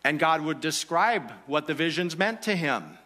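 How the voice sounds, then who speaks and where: A man's voice: on the high side, lively intonation, normal speed, pushed and bright, big-room sound. A man preaching a sermon in a church, conversational and asking the congregation rhetorical questions. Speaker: pastor.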